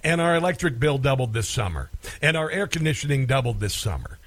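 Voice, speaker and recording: A man's voice: mid-range voice, sing-song, a little fast, a bit bright. A man voicing a hard-up driver who phones his wife from a gas pump and sounds worried and pleading.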